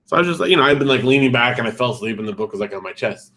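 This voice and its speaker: A man's voice: mid-range voice, expressive, racing, sharp tone. A man in his thirties co-hosting a podcast, chatting casually and rambling with many fillers and restarts. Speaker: podcast co-host. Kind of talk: casual chat.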